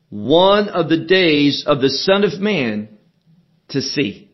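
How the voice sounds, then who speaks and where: Man, sermon teaching, unhurried, emphatic, asks and answers, dull recording. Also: on the high side, very animated. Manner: measured, emphatic, asks and answers his own questions. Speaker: preacher. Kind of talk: verse-by-verse Bible teaching.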